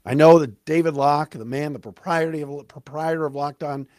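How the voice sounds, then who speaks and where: A man hosting a sports podcast, ranting excitedly with stumbling restarts, his voice cracking. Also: a little high, dry recording, clean studio sound. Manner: fired-up, rapid, stumbling restarts.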